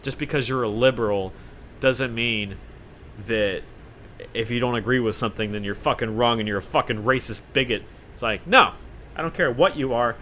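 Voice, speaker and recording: A man's voice: medium pitch, normal speed, fairly bright tone, slight background noise. A young man hosting his own podcast, rambling in a sarcastic, profane, self-mocking monologue. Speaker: podcast host.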